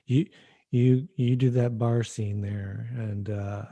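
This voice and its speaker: A man hosting a podcast, chatting in a relaxed, halting way. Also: mid-range voice, no echo, dull audio. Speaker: podcast host. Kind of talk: casual podcast chat.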